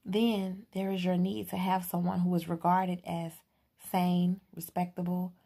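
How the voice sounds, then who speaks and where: A woman reading the part of a calm, intense young man who questions a girl in steady, even tones. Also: on the low side, measured pace, vocal fry.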